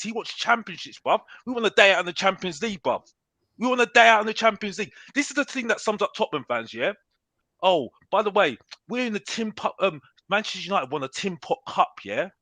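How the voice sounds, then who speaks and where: A man's voice: high-pitched, sing-song, brisk, a bit bright, no room sound. A man ranting in a heated football debate, repeating "bruv" and talking over the others. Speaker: panelist on a football talk show.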